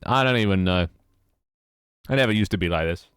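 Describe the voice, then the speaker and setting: A man's voice: low voice, a little fast, fairly bright tone, smooth, dry recording, studio quality. A young British man chatting casually and wryly while he works on his game, rambling from one thought to the next. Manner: rambling, wry, self-mocking. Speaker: game developer streamer. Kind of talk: casual live-stream chat while working.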